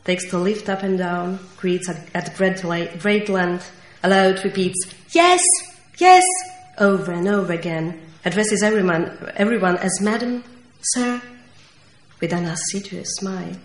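A woman with a Central Eastern European accent reading her poetry aloud, slow and measured, with dramatic stresses. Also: on the low side, steady tone. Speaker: poet. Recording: echoey room with faint noise.

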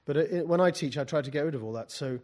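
A man teaching a poetry workshop, talking in a halting way with many restarts and dry asides, and reading passages from his own book. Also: fairly high pitch, darkish tone.

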